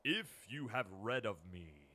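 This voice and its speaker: A man's voice: mid-range voice, big pitch swings, measured pace, pushed and bright, exaggerated voice. A man voicing an evil male demon in a grand, archaic, theatrical manner. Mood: ominous. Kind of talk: voice acting takes for a game.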